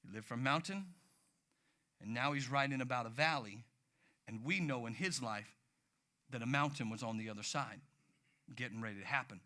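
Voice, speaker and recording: A man preaching a sermon, telling stories in an animated way with sudden loud outbursts. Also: medium pitch, moderate pace, pauses often. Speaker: pastor.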